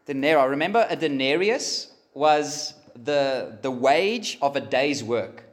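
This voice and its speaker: Animated preaching man. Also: mid-range voice. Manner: emphatic, pausing, rises for emphasis. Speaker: pastor. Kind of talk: sermon.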